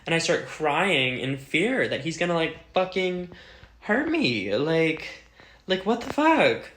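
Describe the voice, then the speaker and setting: A woman's voice: low-pitched, animated, unhurried. A young adult woman telling a casual storytime vlog, chatty and full of fillers, swearing freely. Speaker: vlogger. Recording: roomy echo.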